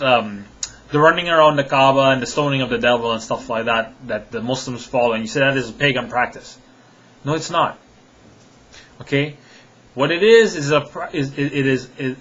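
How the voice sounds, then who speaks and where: A man's voice: mid-range voice, fairly bright tone, lo-fi sound. A man giving a heated rebuttal to a critic, firing off rhetorical questions with scoffing chuckles and repeating himself when worked up. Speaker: religious apologist answering a critic. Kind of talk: direct-to-camera rebuttal monologue.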